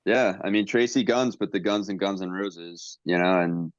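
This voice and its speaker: A man's voice: low-pitched, flat delivery, moderate pace, dry recording. A male podcast host asking loose, trailing questions in casual chat. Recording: dry, dull lo-fi mic.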